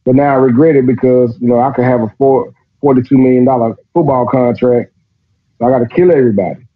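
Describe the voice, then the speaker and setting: A man's voice: mid-range voice, fast, phone-quality sound, voice pushed down, natural voice. A man voicing God as a crude, regretful deadbeat father, in a mocking, profane drawl.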